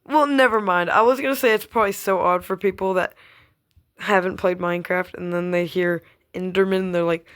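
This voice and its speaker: A woman's voice: lowish voice, fairly even intonation, brisk, fairly bright tone, clear, resonant tone. A young woman gaming YouTuber in casual chat to camera, rambling, giggling and teasing a friend as her thoughts trail off.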